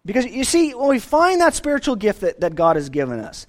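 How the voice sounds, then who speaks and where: A man's voice: high-pitched, huge pitch swings, fairly quick. A man preaching a sermon as pastor, earnest and emphatic.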